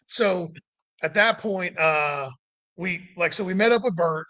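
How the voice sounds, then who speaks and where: A man with a high voice and a sharp tone tells a long road trip story at an unhurried pace, with no echo in the recording. He rambles casually, peppering it with "like" and "you know," and acts out what people said by raising his voice.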